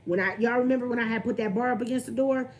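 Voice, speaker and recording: A woman's voice: on the high side, rapid-fire. Candid young woman venting on a livestream. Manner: candid, talks straight to the camera and greets viewers. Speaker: vlogger on a livestream.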